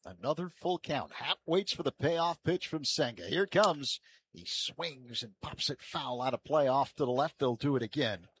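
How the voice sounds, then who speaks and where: A man calling baseball play-by-play from a ballpark booth, with measured calls that lift and get louder on each pitch. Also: lively intonation, a little hiss or hum. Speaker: play-by-play announcer.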